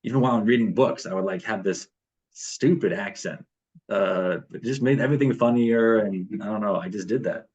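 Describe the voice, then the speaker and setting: A man's voice: lowish voice, normal speed, darkish tone, dull audio. A man leading a morning devotion over a video call, reading passages aloud and then talking them through with fillers and restarts.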